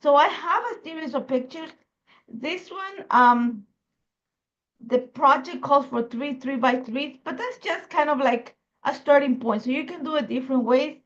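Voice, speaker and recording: A woman's voice: high-pitched, measured pace, dull audio. A woman from Ecuador with an Ecuadorian Spanish accent and Spanish as her first language, chatting casually as she hosts a crafting video while fighting a cough. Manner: chatty, rambling, many fillers. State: fighting a cough, throat irritated. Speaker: crafting host.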